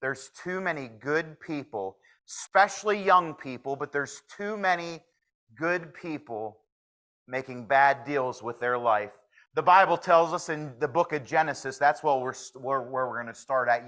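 A man's voice: mid-range voice, moderate pace, a bit bright. A man preaching a sermon, folksy and earnest, pleading with his listeners. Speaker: pastor.

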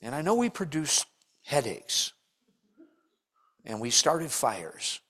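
An older man preaching a sermon in church, telling stories and acting out the people he quotes with big jumps in his voice. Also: slow pace. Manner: animated storytelling, acts out quotes with big pitch jumps.

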